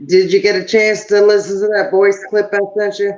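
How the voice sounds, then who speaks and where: A woman's voice: mid-range voice, little pitch movement, brisk, darkish tone, echoey room, dull audio. A woman guest on a livestream, giving brief laid-back replies. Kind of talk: casual livestream chat.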